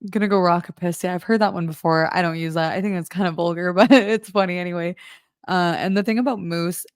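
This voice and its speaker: A woman's voice: lowish voice, fairly even intonation, a little fast, smooth, no room sound, studio quality. A young woman from Northern Ontario with a Canadian accent, chatting frankly as a reaction video host, explaining things. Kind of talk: casual reaction commentary.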